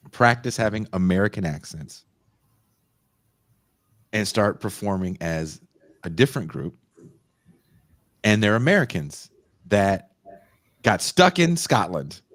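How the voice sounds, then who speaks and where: A male podcast host telling a long story in a loose, profane, animated way. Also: on the low side, slow pace, long pauses, dry recording. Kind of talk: casual storytelling chat.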